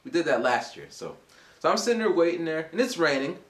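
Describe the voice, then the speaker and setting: A man around forty, an English teacher, casually telling a rambling story for his vlog. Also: fast talker. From United States. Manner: animated, rambling, acts out voices in a high pitch. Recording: roomy echo.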